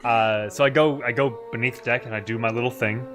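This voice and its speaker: A man playing a tabletop game describes his character's actions in a lively, animated way, often breaking into laughter. His voice sits in a middle pitch. Faint music runs in the background. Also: a little fast. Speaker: player.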